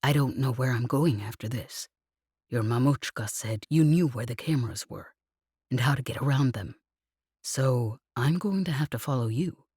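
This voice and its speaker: Narrator puts on a gruff wry man, low hushed voice, audiobook, dry. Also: moderate pace, dry recording, heavily acted. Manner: low and whispered. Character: gruff wry grown man, a reluctant helper.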